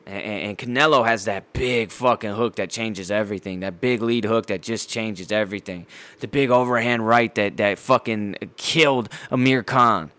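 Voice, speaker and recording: A man's voice: fairly low pitch, normal speed, dry recording. A man hosting a casual solo podcast, ranting bluntly with heavy swearing, frequent fillers and repeated words. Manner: heavy profanity, blunt and animated. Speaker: podcast host.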